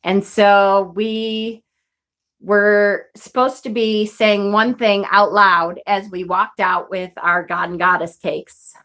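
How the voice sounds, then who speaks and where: A woman's voice: mid-range voice, little pitch movement, slow, fairly bright tone. A woman in her forties chatting casually as a vlogger, telling a rambling story and laughing often. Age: 40s. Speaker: witchcraft vlogger.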